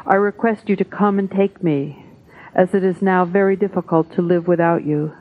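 A woman reading devotional texts aloud at a spiritual gathering, in a measured, solemn way. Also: on the low side, fairly even intonation. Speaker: satsang reader. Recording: tinny phone-like audio.

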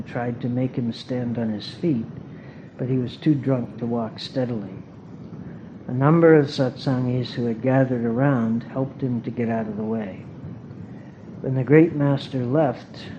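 Man reading aloud, earnest and measured, mid pitch; dull tape with clear hiss behind. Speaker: reader at a spiritual gathering.

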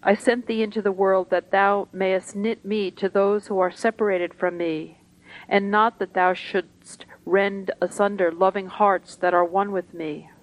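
A woman voicing God, grave and loving, in solemn, measured, archaic speech while reading a spiritual story aloud. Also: mid-range voice, steady tone, natural voice, low-quality recording. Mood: reproving.

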